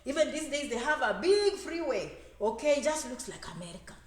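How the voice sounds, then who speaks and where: An immigration advisor and speaker with a high voice gives a lively motivational talk to an audience, speaking a little fast. She's animated, acts out the voices she quotes, and repeats phrases to hammer her points home. The recording is in a roomy, echoey space.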